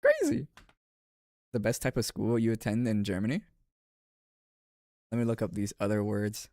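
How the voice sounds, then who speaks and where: A man's voice: on the low side, little pitch movement, normal speed, mellow, dry recording, clean studio sound. A man streaming and chatting casually with viewers, rambling with frequent restarts and filler words. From United States.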